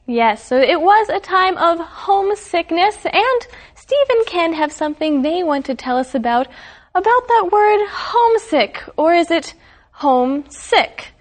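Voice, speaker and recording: Woman, high voice, lesson co-host, simple measured explanations. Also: big pitch swings. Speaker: radio English lesson co-host. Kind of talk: explaining vocabulary.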